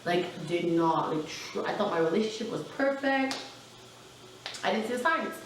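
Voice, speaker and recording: A young adult woman telling a personal storytime in a casual, animated way, full of fillers and asides. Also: mid-range voice, normal speed, far from the mic, slight background noise. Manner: chatty, animated, lots of fillers. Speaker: vlogger. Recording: very echoey room, mic set back.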